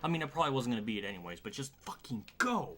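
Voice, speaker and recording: Cursing at the racing game he's streaming, this man gives frustrated, profane live commentary and mutters under his breath. His medium-pitched voice is sing-song and rapid-fire, set against a noisy background.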